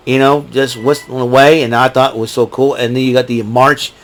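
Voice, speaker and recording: A man talks casually and at length, circling back on himself with lots of "you know" and "uh" as he goes through a ranked list of his favorite films. His voice sits at an ordinary middle pitch. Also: little pitch movement, a little fast. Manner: rambling, many fillers and restarts, breaks into quoted movie lines. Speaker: host ranking favorite films. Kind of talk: casual solo commentary.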